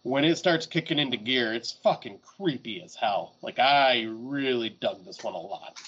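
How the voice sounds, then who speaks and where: A man's voice: mid-range voice, animated, normal speed, fairly bright tone, slightly rough, lo-fi sound. A man co-hosting a horror podcast, chatting casually and enthusiastically, swearing freely. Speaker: podcast co-host. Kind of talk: casual chat.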